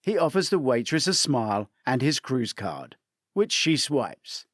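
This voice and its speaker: A man narrating a mystery story in a steady audiobook reading. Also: mid-range voice, measured pace, no room sound, studio quality.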